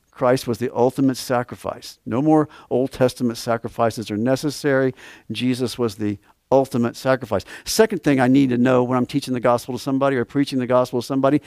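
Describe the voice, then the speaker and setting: A man's voice: medium pitch, darkish tone, no echo, clean studio sound. A man preaching a sermon, reading scripture aloud and repeating key words with emphasis.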